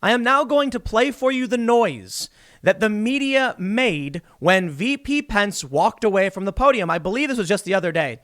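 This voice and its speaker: A mocking, sarcastic male commentator in his thirties holds forth alone. His voice sits fairly high, and he talks in an animated way, leaping up and down in pitch. The delivery is a casual monologue. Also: normal speed. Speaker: political commentary host.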